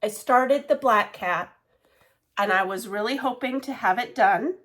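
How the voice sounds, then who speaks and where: A woman's voice: a little high, a little slow, a bit bright. A woman casually chatting about her cross-stitch projects, rambling with many fillers and side remarks. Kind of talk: casual show-and-tell chat.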